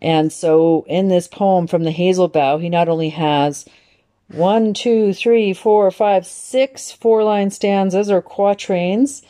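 Woman host, informal poetry lesson, unhurried with frequent pauses, warm and smooth. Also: fairly low pitch. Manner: unhurried, thoughtful, with many pauses and fillers.

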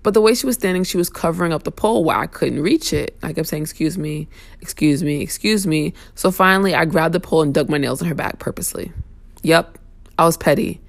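A young woman rants bluntly in a casual talk, sassy and unfiltered, cursing freely. Her voice sits on the low side and has a gravelly, fry-laden edge. The sound is close and dry. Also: fast, no room sound. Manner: blunt, sassy, profane venting. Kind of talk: casual opinion rant.

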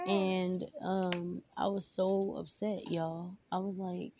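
A woman's voice: fairly low pitch, flat delivery, slow, few pauses. A woman hosting her own podcast, talking candidly and emotionally in a rambling, casual way with many fillers. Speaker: podcast host. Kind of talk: casual personal talk. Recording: dull lo-fi sound, faint noise.

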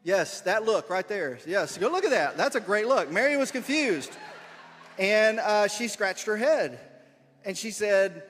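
A man's voice: high voice, lively intonation, a little slow, a bit bright, long reverb tail, a little hiss or hum. A man wearing a body mic reads a story aloud and playfully coaches volunteers who act it out. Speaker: leader of a children's skit. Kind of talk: reading a story aloud while directing volunteers.

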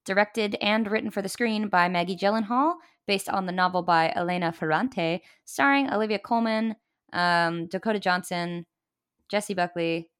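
A woman co-hosting a film podcast, easygoing and quick to laugh, chatting casually about a movie. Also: medium pitch, fairly bright tone, smooth. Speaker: podcast co-host. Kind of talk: casual film-review chat.

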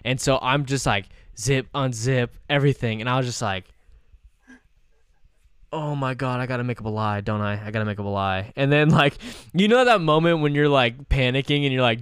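Young man, podcast host, casual rambling storyteller, filler-heavy, swears, smooth clear voice, dry close sound. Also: mid-range voice, brisk, a bit bright, no room sound. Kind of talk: casual chat.

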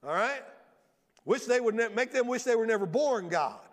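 A man preaching a sermon from a church stage in a lively storytelling way, often acting out the voices of the people he quotes. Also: very high-pitched, moderate pace. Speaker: pastor. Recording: long reverb of a large hall.

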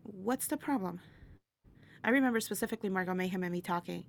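Gravelly-voiced woman telling a lively story. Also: mid-range voice, fast, a little hiss or hum. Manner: animated, laughs often, acts out quotes. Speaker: interview guest, burlesque performer. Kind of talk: casual storytelling chat.

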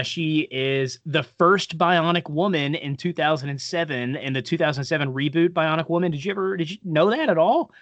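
Bright-voiced casual male co-host. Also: medium pitch, dry recording. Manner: loose, profane, joking asides. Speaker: podcast co-host. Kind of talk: casual chat.

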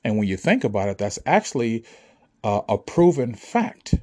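A man's voice: medium pitch, big pitch swings, moderate pace, darkish tone. A man speaking to listeners in an emphatic, preachy monologue, often asking if they understand. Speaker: spiritual speaker. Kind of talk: motivational monologue to an audience.

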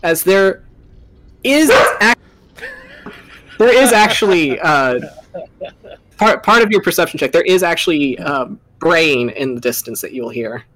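A woman's voice: low-pitched, lively intonation, a little slow, pauses often, a bit bright, low-quality recording. A woman running a tabletop game as dungeon master, flustered and apologetic, laughing easily between descriptions.

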